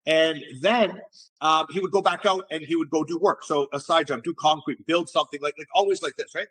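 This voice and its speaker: Husky, animated middle-aged man. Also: on the high side, brisk. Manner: animated, repeats words on restarts, swears casually. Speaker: entrepreneur guest. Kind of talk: casual storytelling interview.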